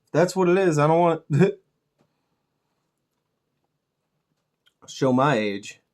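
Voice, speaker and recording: A man's voice: on the high side, expressive, very slow, a little mellow. A middle-aged man chatting casually while he paints miniatures, laid-back, swearing freely and joking at his own expense. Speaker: miniature painting channel host.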